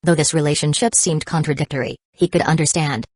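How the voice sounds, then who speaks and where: A woman narrates an audiobook in a steady, even reading. Her voice sits low. The sound is close and dry, with no room around it. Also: brisk, breathy edge, no room sound. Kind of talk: scripted narration.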